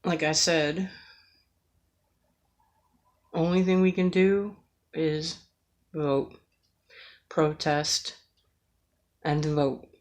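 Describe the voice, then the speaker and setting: A woman's voice: sits low, steady tone, very slow, pauses often, darkish tone. A woman from the United States delivering an earnest, emotional rant, with frequent hesitations and fillers as she talks. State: emotional, near tears. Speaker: vlogger.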